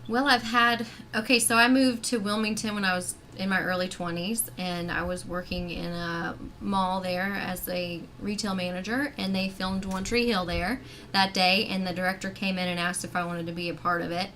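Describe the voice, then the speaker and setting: A woman's voice: medium pitch, steady tone, moderate pace, a bit bright, a little hiss or hum. A woman guest on a video call, talking about her acting in a chatty, rambling way full of fillers. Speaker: actress and filmmaker guest. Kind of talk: casual chat.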